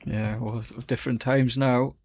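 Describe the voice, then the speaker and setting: A man's voice: mid-range voice, fairly even intonation, a little slow, darkish tone. Laid back radio guy chatting, easygoing. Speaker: radio presenter. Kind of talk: casual chat.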